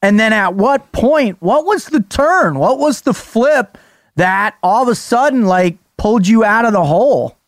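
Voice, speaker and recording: A man's voice: sits high, lively intonation, unhurried, no echo, studio quality. A man hosting a conversation, asking probing questions and reflecting on what he hears. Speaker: podcast host. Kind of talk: interview conversation.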